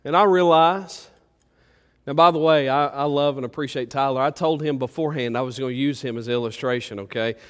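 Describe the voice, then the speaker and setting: Folksy preacher in a reverberant hall. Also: male voice, mid-range voice, brisk. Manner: folksy, meandering, warm storytelling with many fillers. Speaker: pastor. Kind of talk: sermon with storytelling. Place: church sanctuary.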